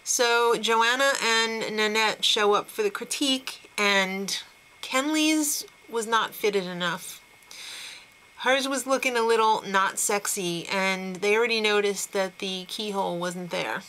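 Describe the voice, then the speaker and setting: Casual female recap host, bright and forceful tone, opinionated chatter with frequent laughs. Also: mid-range voice, unhurried, poor audio.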